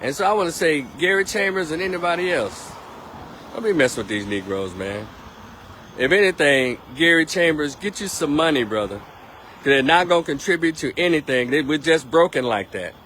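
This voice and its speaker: A man's voice: fairly high pitch, very animated, normal speed, fairly bright tone, slight background noise. A man giving a blunt, emphatic political monologue on a live stream, repeating his points.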